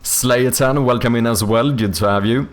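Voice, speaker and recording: Over soft background music, a Swedish man talks at normal speed with a medium-pitched voice. His English has a British-leaning accent, and his livestream chat is casual, reading and replying to chat with frequent fillers and false starts.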